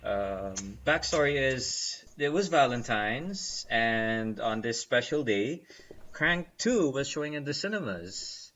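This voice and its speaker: A man's voice: medium pitch, takes it slowly, muffled recording. A young man co-hosting a podcast, casually telling a story with lots of laughter. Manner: animated storytelling with laughter and quoted voices. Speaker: podcast co-host. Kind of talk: casual chat.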